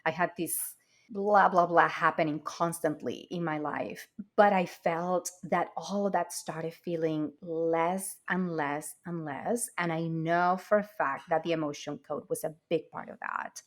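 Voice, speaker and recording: A woman's voice: low-pitched, fairly even intonation, unhurried. A woman who is a podcast guest, talking reflectively and personally about her own inner work. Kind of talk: podcast interview conversation.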